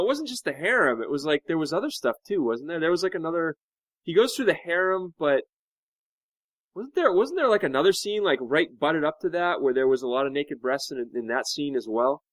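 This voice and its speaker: A man joining a podcast panel as a guest, telling jokey, animated stories with many fillers. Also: fairly high pitch, brisk, dry recording. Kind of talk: casual panel discussion.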